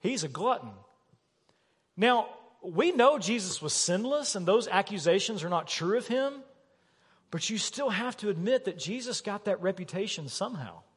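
A man preaching a sermon as pastor, animated and emphatic, asking his listeners questions. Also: high voice, moderate pace, husky. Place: church sanctuary. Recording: long reverb of a church hall.

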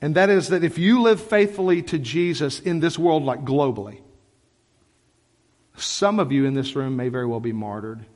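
A man's voice: a little high, moderate pace, a little mellow. A man preaching a sermon as pastor, speaking passionately in a conversational way full of "like". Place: church sanctuary. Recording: long church hall reverb.

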